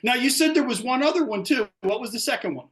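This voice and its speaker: A man hosting an interview, chatting in a relaxed, friendly way. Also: very high-pitched, quick pace. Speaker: host. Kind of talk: casual chat.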